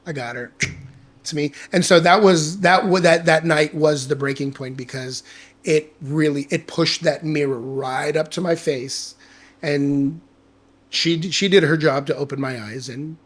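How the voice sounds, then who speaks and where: His voice is on the high side and his pace a little slow. As a guest on a podcast, he tells a personal story in casual chat, candid and animated, swearing freely and acting out the dialogue he quotes.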